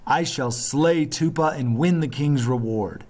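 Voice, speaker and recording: A man's voice: mid-range voice, expressive, unhurried. A man reading aloud, voicing an eager, bold young island boy from a storybook with a raised, keen voice.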